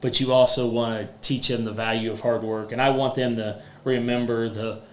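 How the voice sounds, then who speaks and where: A man's voice: mid-range voice, little pitch movement, moderate pace, a little hiss or hum. A man, hosting a casual podcast chat and rambling with many fillers and restarts. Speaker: podcast host, roofing business owner. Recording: roomy echo with faint ambience.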